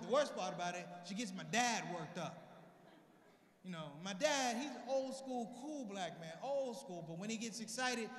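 A male stand-up comic with a high voice tells animated stories on stage, slipping into his relatives' voices. His voice echoes through a large convention hall with a long reverb tail. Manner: animated storytelling, acting out family. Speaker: stand-up comedian. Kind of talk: stand-up comedy set.

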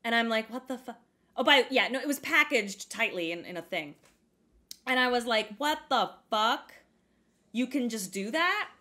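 Bright, high-voiced woman telling a story. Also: moderate pace. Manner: animated, sweary, full of "like" and acted-out quotes. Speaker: podcast co-host. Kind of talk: casual storytelling chat.

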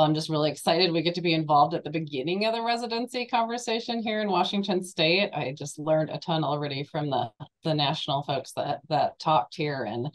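Hoarse, low-voiced woman with a cold. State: hoarse from a cold, losing her voice. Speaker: webinar panelist, residency program leader. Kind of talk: conversational panel remarks.

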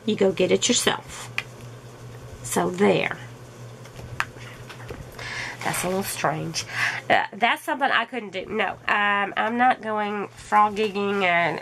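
A woman's voice: mid-range voice, creaky, a bit bright, a little hiss or hum, poor audio. A middle-aged woman chatting casually to her viewers as a crafting vlogger, amused and full of rhetorical questions. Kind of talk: casual chat.

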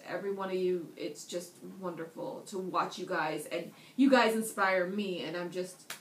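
A tired woman chatting casually to her viewers in a rambling, self-deprecating way. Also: lowish voice. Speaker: vlogger. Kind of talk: casual chat. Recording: roomy echo.

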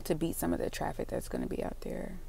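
A young woman with a smooth, sleepy-sounding voice, chatting casually to viewers as a vlogger while running errands. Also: fairly low pitch, fairly even intonation, fast talker, very noisy. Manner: chatty, addresses viewers as y'all and girl. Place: in a car and stores.

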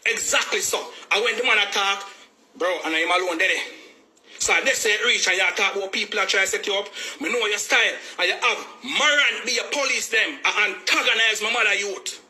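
A man with a Jamaican accent, speaking out as a family member, gives a heated personal account in a high, pushed, bright voice at a fairly quick pace. He sounds agitated and repeats himself for emphasis.

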